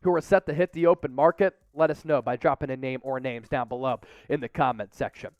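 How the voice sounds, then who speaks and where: A man's voice: medium pitch, fairly even intonation, brisk, no room sound. A man hosting a sports show, giving upbeat, opinionated commentary and rattling off stats.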